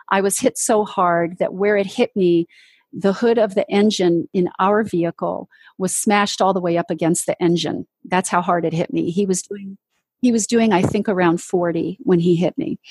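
This is a woman's voice, medium in pitch, darkish and slightly rough, captured in a dry recording. A ministry leader and interview-show guest, she recounts her testimony in an earnest storytelling style, voicing the people she quotes.

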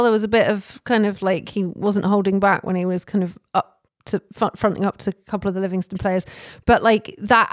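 A woman's voice: medium pitch, no room sound, studio quality. Woman hosting a football chat. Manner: chatty, asks questions with light laughs. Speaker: podcast host.

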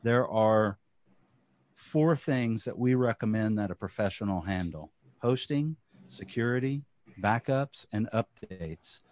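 A man's voice: lowish voice, expressive, unhurried, darkish tone, no echo, studio quality. Southern-accented man in casual talk. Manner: talkative, repeats words when starting sentences. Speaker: podcast co-host. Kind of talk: casual chat.

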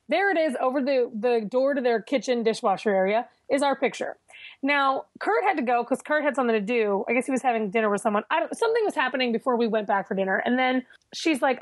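High-voiced woman telling a playful story. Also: fast talker, no room sound. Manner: animated, playfully boastful storyteller. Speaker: podcast co-host. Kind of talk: casual chat.

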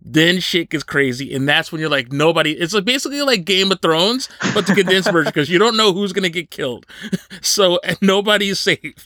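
A man hosting a casual interview, chatty and quick to laugh, with lots of fillers. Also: high voice, bright, forceful tone, no echo. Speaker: podcast host.

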